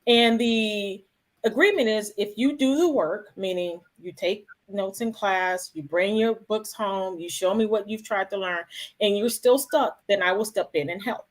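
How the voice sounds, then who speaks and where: A middle-aged woman in a casual conversation, speaking calmly and earnestly about her life, with frequent restarts. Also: mid-range voice, measured pace. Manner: reflective, calm and earnest, with many restarts.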